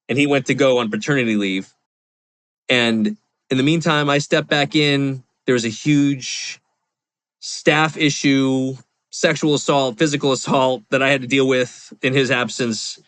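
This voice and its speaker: A man's voice: medium pitch, fairly even intonation, a little slow, fairly bright tone, dry recording. A man in his forties, a podcast guest, telling a personal story candidly in a rambling, confessional way with lots of fillers. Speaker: podcast guest, real estate investor.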